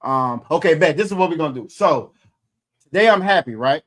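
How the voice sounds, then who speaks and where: A man's voice: on the high side, expressive, a little fast, a bit bright. Casual man teaching with many fillers. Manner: loose, repetitive, many fillers. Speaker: Hebrew language teacher. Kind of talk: casual language lesson.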